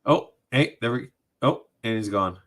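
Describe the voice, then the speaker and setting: Male co-host, bright forceful voice, wisecracking and teasing. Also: mid-range voice, normal speed, rough recording. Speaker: livestream co-host. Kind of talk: casual livestream chat.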